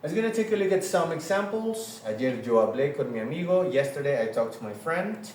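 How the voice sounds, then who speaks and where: A man's voice: on the high side, animated, brisk, a little mellow, a little hiss or hum. A man teaching a recorded grammar lesson, spelling words out letter by letter and praising with "very good.". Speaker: Spanish teacher. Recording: echoey room, voice from a distance.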